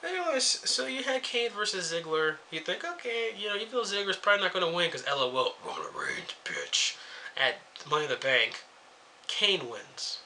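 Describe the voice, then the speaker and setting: Young male reviewer, sarcastic ranting delivery, very bright voice, slightly raised pitch, faint hiss behind. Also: sing-song, a little fast. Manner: sarcastic, swears freely, jumps between topics. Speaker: wrestling show reviewer. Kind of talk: casual rant review.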